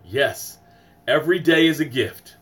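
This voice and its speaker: A man hosts a morning motivational livestream, emphatic and repetitive, greeting viewers by name and guiding breathing exercises. He swings from loud exclamations to soft breathing guidance, in a voice on the high side and a little slow.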